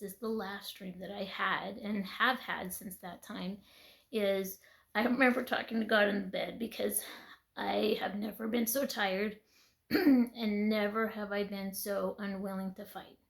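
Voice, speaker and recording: A woman speaking in a conversational, earnest way as she shares a personal faith testimony. Her voice has a gravelly edge. She sounds tired and teary, sometimes dropping into a whisper. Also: medium pitch, fairly even intonation, moderate pace. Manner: earnest, conversational, with soft laughs and trailing whispers.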